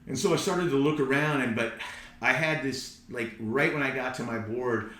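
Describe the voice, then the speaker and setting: A man of middle pitch tells a personal story as a podcast guest, in a loose, animated way. He tends to repeat words while his thoughts catch up. His voice sits in a room that gives it a clear echo. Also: moderate pace. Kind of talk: casual storytelling. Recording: roomy echo.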